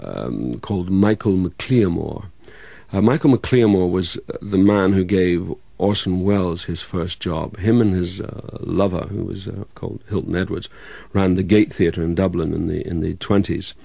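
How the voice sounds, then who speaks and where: A very low, gravelly-voiced actor with a mixed Scottish, English and American accent. He talks in a halting, casual way, full of fillers and restarts, in a dry, close sound. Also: mellow, dry recording. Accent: hybrid Scottish-English-American. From Scotland, Dundee. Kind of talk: casual interview chat.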